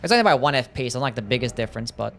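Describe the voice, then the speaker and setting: A man's voice: mid-range voice, lively intonation, very fast, vocal fry, a bit bright, slight background noise. Offhand male game streamer. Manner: loose and offhand, with swearing and laughter. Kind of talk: casual live-stream commentary, answering chat. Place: home streaming setup.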